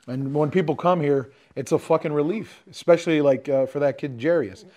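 A man's voice: a little high, normal speed, darkish tone. A man from Jordan co-hosting a casual podcast, talking in a hesitant, reflective way with many fillers. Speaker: podcast co-host. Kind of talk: casual chat.

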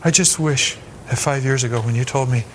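A man's voice: medium pitch, fairly quick, slight background noise. A man pastor giving a sermon in a conversational style, acting out quoted voices as he goes and often restarting his sentences.

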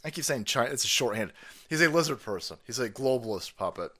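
A man ranting on a live stream, loud, profane and mocking, slipping into sarcastic voices. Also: medium pitch, animated, fast.

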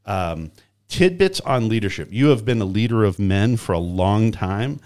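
A man hosting a podcast interview, telling a story in a lively way and acting out the quoted voices. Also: fairly low pitch, moderate pace. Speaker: podcast host.

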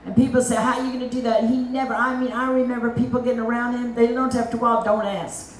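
A woman evangelist from Africa preaching a sermon at an evening meeting, animated and acting out the voices of God and other people. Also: a little high, fast, few pauses, slight background noise. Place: meeting hall. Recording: roomy, distant mic.

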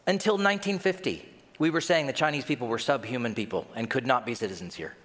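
A man preaching a sermon as pastor, telling stories in an animated way and acting out quoted voices. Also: medium pitch, fast talker, big-room sound, noisy background.

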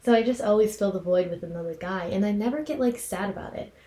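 A woman's voice: medium pitch, fast, warm tone. Rambling young woman in echoey room. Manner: rambling storyteller, heavy filler "like". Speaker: podcast co-host. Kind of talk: casual chat. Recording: echoey room, faint noise.

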